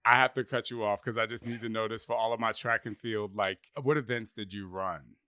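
A man's voice: lowish voice, steady tone, brisk, pushed and bright. A man hosting an interview, enthusiastic and eager to jump in with his own stories. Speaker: interviewer host. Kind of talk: casual interview chat.

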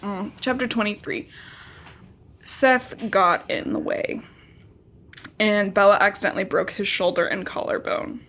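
A woman's voice: medium pitch, measured pace, pauses often, fairly bright tone. A young woman hosting a podcast, casually recapping a novel in a chatty way with lots of filler words. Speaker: podcast host.

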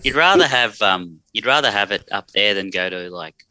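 A man's voice: on the low side, expressive, moderate pace, sharp tone, no echo, poor audio. A man with an Australian accent, a podcast guest trading dry, teasing wisecracks in casual banter.

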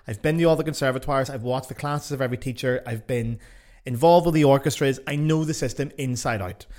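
A man's voice: medium pitch, a little fast, a little mellow. Blunt, sweary Northern Irish man. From Northern Ireland. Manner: blunt, sweary and self-mocking. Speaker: podcast host. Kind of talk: casual podcast monologue.

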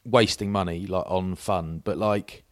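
A man's voice: low-pitched, steady tone, a little slow, dry recording. A man in his forties co-hosting a podcast, telling rambling, self-mocking anecdotes in casual chat. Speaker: podcast co-host.

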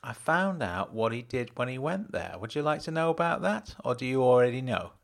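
A man's voice: mid-range voice, expressive, fairly quick, creaky. A man narrating an audiobook in the first person, dry and matter-of-fact.

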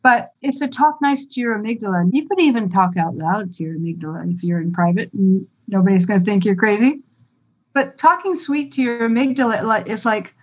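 A woman coach talks calmly through her advice as a guest, patient and reassuring. Her voice sits at a middle pitch. The recording sounds a little dull and lo-fi. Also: a little fast, slightly rough. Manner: calm, explanatory, reassuring. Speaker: stage fright coach. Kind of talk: guest interview explanation.

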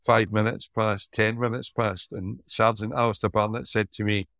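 A middle-aged Scottish man, a former police officer co-hosting a podcast, chatting and telling stories in a lively, joking way. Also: lowish voice, normal speed, creaky, no room sound. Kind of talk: casual chat and storytelling.

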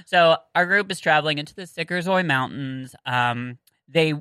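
A woman's voice: sits low, fairly bright tone, clear, resonant tone, dry recording, poor audio. A Southern American woman co-hosting a casual book-discussion podcast, chatty and giggly with lots of fillers and restarts. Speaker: podcast co-host.

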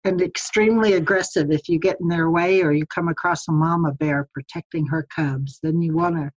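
Casual interview guest: middle-aged woman, lowish voice, chatty, laughs easily, slightly muffled audio. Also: fairly even intonation, a little fast. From United States. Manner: chatty, laughs often, many "um"s and restarts. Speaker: podcast guest, publisher. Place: home in the mountains of Colorado.

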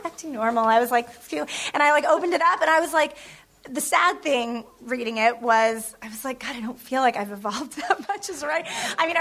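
A woman's voice: high voice, a bit bright. A woman television writer telling stories on a panel in a chatty, self-deprecating way, laughing often and using lots of fillers. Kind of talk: casual storytelling on a panel.

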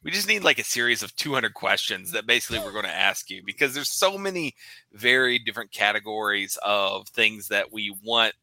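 A man's voice: fairly low pitch, lively intonation, fairly quick, sharp tone, no room sound, low-quality recording. A man co-hosting a casual podcast, summing up the talk wryly. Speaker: podcast co-host. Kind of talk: casual chat.

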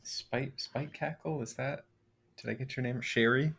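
A man's voice: medium pitch, fairly even intonation, measured pace, creaky, fairly bright tone, slightly rough. A man playing a tabletop game, asking hesitant, stammering questions. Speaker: player. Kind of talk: casual tabletop play.

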